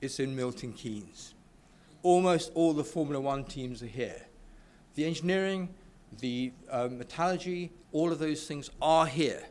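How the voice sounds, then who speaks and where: A man's voice: fairly high pitch, measured pace, a little mellow, a little hiss or hum. A man from the UK speaking informally at a business networking event, full of enthusiasm, often stumbling and restarting his sentences. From United Kingdom. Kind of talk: informal speech to an audience. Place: event room with a live audience.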